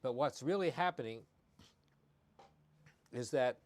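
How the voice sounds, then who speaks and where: A male veterinarian hosts a live-streamed pet health talk. His voice sits at an ordinary middle pitch for a man, and he talks in a folksy, conversational way, often repeating his key warnings. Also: takes it slowly. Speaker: veterinarian host.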